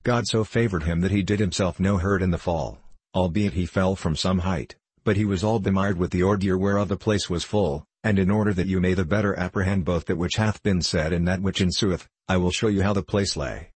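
A male narrator reads an old tale in measured, archaic storytelling. His voice is low and husky. The sound is dry and close. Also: fairly even intonation, a little mellow, no echo. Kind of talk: scripted narration of a classic tale.

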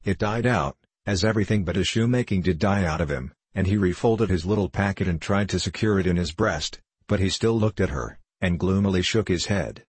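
Husky male audiobook narrator, measured and solemn, dry close read. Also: low voice, no echo. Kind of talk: scripted narration.

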